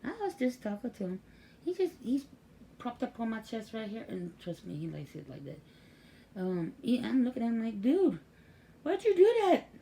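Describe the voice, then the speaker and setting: A woman's voice: a little high, lively intonation, normal speed, vocal fry, dark tone. An older woman, a grandmother, telling family stories in a chatty, casual way. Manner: chatty, acts out quoted voices. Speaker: grandmother and caregiver. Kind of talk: casual storytelling vlog.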